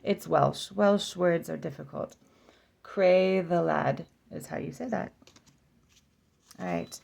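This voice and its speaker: Lady doing a chill deck flip-through vlog, super gravelly fry, slow and thinking out loud. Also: on the low side. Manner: sounding out names aloud, self-correcting; musing, giggly asides. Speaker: oracle deck reviewer.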